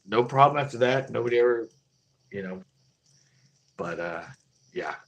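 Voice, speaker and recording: A man's voice: medium pitch, expressive, normal speed. A man who runs a local store, telling a casual live story in a rambling, profane way with many restarts. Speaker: local fish store owner.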